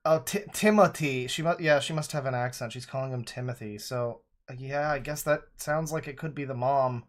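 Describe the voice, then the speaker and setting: A man's voice: mid-range voice, normal speed. Sarcastic man commenting on a stream. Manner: sarcastic, profane asides. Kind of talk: live stream reaction commentary.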